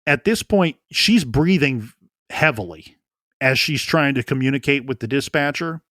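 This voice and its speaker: A podcast co-host on a true crime show talks through a case earnestly, often repeating words as he thinks aloud. His medium-pitched voice is animated and a bit bright at a moderate pace, with clean studio sound and no echo.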